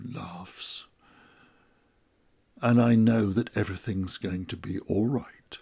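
A man's voice: on the low side, slow pace, creaky, pauses often, a little mellow, husky. A man reciting a reflective first-person monologue, intimate and earnest, with emotional outbursts. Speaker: narrator.

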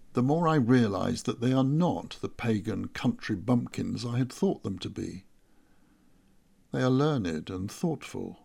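A man narrating a first-person story in a measured, reflective way. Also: medium pitch, gravelly, darkish tone.

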